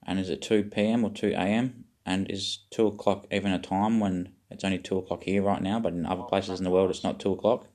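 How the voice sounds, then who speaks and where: Deep-voiced rambling man. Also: little pitch movement, a little fast, few pauses, darkish tone. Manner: meandering, self-questioning, occasional swearing. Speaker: vlogger. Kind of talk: rambling spiritual monologue.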